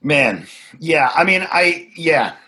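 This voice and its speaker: A man telling a personal story in a frank, reflective way, swearing freely and pausing to find his words. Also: fairly high pitch, big pitch swings, pushed and bright, slight background noise. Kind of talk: candid conversational storytelling.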